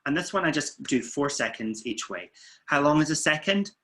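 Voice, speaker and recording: Bright-voiced man coaching a relaxation exercise. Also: a little high, moderate pace. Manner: calm, steady counting and coaching. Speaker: weight-loss coach. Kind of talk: guided relaxation instructions. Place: indoors, filming himself.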